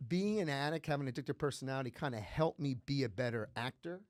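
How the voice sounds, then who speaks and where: A man who grew up around New York, a comedian chatting on a podcast, telling lively stories and slipping into voices. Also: medium pitch, quick pace, no echo, studio quality. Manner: animated storyteller, slips into voices and laughs. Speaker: comedian guest. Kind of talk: casual podcast chat.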